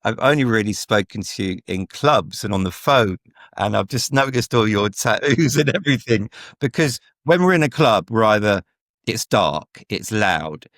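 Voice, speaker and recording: A man's voice: on the low side, expressive, moderate pace, fairly bright tone, no echo, studio quality. A man in his forties hosting a casual interview podcast, chatty and rambling with lots of asides. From England. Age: 40s. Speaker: podcast host.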